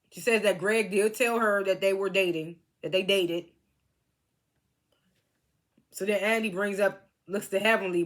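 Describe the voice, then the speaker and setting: A woman's voice: mid-range voice, fairly bright tone. A woman casually recapping a reality TV reunion, chatty and laughing often as she quotes the cast.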